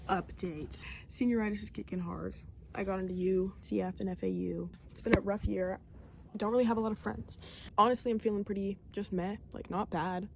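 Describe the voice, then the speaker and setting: A teenage girl talks fast into her camera for a personal video diary. Her words come out in a loose ramble, packed with "like" and second thoughts. She sounds candid and a little unsure of herself. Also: medium pitch, vocal fry, a little mellow, slight background noise. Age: late teens. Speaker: high school senior vlogger.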